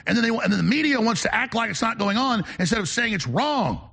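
A man's voice: very high-pitched, expressive, vocal fry, pushed and bright, husky. A man hosting a talk radio show, delivering an emphatic, ranting opinion monologue. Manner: emphatic, ranting, fast-talking.

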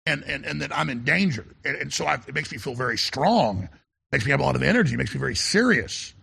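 A man's voice: medium pitch, animated, fast, sharp tone. A middle-aged man hosting a talk radio show, speaking in an urgent, intense monologue and often stammering and repeating words as he restarts. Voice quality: gravelly, husky voice.

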